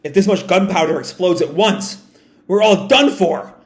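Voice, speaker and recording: A man's voice: normal speed, close to an everyday voice. Man doing a frantic young warrior pleading. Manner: pleading, high and urgent.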